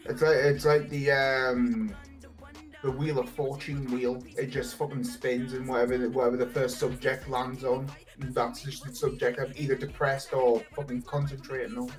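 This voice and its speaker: A man's voice: mid-range voice, little pitch movement, normal speed, faint music behind. A young man chatting casually on a stream, rambling through stories and swearing often. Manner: rambling, swears a lot, laughs at his own stories.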